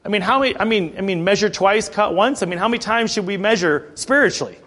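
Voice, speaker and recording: A man preaching a sermon in a conversational, animated way, with frequent asides to the congregation. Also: sits high, quick pace. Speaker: pastor.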